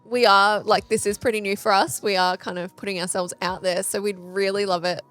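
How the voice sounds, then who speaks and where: A woman in her thirties co-hosting a parenting podcast, telling stories in a casual, animated way and acting out the quoted lines. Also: mid-range voice, a little fast, faint music behind. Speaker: podcast co-host. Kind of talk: casual chat.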